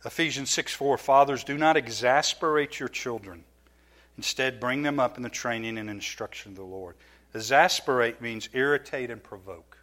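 A middle-aged man giving a sermon as a pastor, telling stories from his own life with lively, self-mocking laughter. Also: medium pitch, normal speed. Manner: animated storytelling, laughing at himself.

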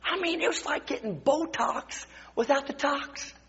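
A man preaching a sermon in a church, telling a story dramatically and swinging from hushed whispers to loud exclamations. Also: very high-pitched, measured pace, gravelly. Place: church sanctuary. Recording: dull lo-fi recording with long hall reverb.

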